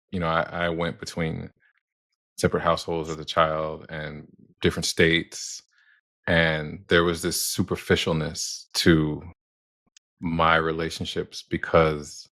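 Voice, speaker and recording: Deep gravelly man, measured and gentle. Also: dry recording. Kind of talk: empathetic conversation.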